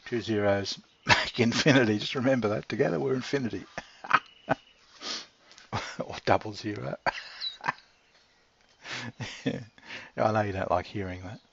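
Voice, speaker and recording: A man's voice: lowish voice, unhurried, gravelly, pauses often, a bit bright, slight background noise. A middle-aged man rambling casually to his pet, swearing freely and chuckling often. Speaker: channel host talking to his pet. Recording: dull lo-fi recording.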